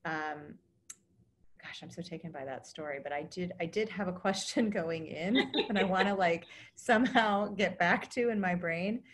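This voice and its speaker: A woman's voice: lowish voice, normal speed. A woman hosting an interview, reacting effusively and gushing over her guest's story. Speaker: podcast host. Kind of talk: interview conversation.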